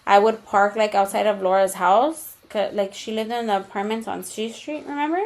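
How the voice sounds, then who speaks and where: A woman's voice: medium pitch, normal speed, a little mellow. A young adult woman co-hosting a podcast, telling a personal story in casual chat. She speaks candidly, swears freely and drops in Spanish slang. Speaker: podcast co-host.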